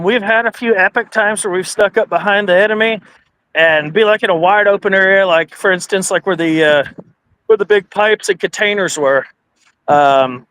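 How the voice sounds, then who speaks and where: A man's voice: high-pitched, pushed and bright, a little hiss or hum. A man talking as a guest in a casual chat, easygoing and a bit hesitant, with fillers.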